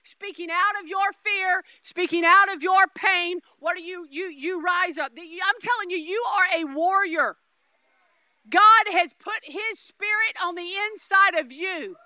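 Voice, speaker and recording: A middle-aged woman preaches with a very high, bright voice, stressing words and doubling back on herself. She jumps from shouted lines to hushed asides. The sound is close and dry. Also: a little slow, dry recording. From Oklahoma, US. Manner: emphatic, repeats words, swings from loud shouts to quiet asides. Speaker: guest preacher. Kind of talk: Pentecostal sermon.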